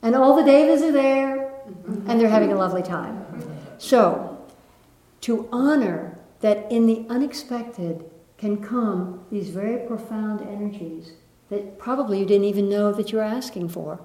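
A woman giving a gentle spiritual talk to a live audience, lilting and laughing softly. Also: mid-range voice, a little slow. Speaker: spiritual teacher. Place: room with an audience. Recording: echoey room.

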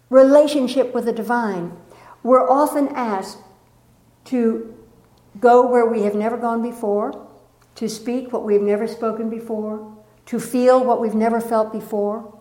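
A woman leading a spiritual gathering, who recites a poem slowly and then tells lively personal stories while urging the room to join in. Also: a little high. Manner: animated storytelling, playful audience prompts, slow poem recitation. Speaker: spiritual teacher. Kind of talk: inspirational talk to a live group. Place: meeting room with an audience. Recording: echoey room.

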